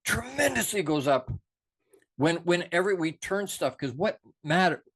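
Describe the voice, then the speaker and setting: A middle-aged man delivering an off-the-cuff motivational talk with fervent passion. His voice sits a touch high for a man, and he drops quiet and low for reflection, then surges up to push a point hard. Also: expressive, normal speed. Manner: passionate, preachy, swings from soft to emphatic. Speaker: motivational show host.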